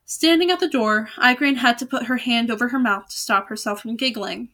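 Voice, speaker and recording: In a slightly high, bright and clear voice, a young woman reads a children's novel a little fast. Between passages she slips easily into relaxed, joking comments.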